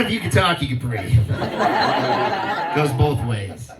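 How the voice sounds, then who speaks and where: A man's voice: on the high side, expressive, a little slow, recorded from a distance. A man from Hawaii doing a stand-up comedy set, telling stories in a laid-back way and acting out the people he quotes in raised voices. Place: outdoor venue with a live crowd. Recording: echoey, from off-mic, audible crowd.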